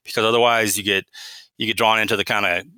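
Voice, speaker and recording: A middle-aged man, a company's chief product officer, answering interview questions in a measured, explanatory way and often restarting phrases. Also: lowish voice, flat delivery, pushed and bright, clean tone, no echo.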